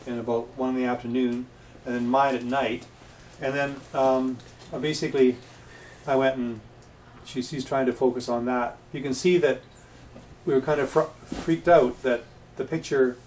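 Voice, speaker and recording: Appearing as a guest on a talk show, a past life regression practitioner tells anecdotes in a casual chat, voicing the people he quotes. His mid-pitched, darkish voice is steady and at normal speed, heard from a distant mic in an echoey room with faint noise.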